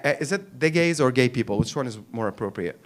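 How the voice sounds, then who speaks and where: Animated man doing brash stand-up. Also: medium pitch, quick pace. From Arab world. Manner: brash, crude, rambling and animated. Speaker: stand-up comedian. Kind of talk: stand-up comedy set. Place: comedy club stage, audience laughter.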